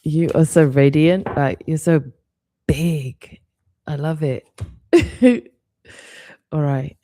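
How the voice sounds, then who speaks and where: A woman hosting a live stream, giving an intuitive card reading in a soft, reflective, unhurried way. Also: low-pitched, fairly even intonation, dry recording.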